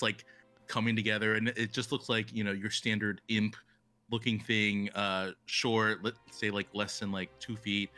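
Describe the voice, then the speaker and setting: A man's voice: lowish voice, sharp tone. A young man playing in a tabletop game, describing his character's actions with many fillers and restarts. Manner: rambling, lots of fillers. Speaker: player.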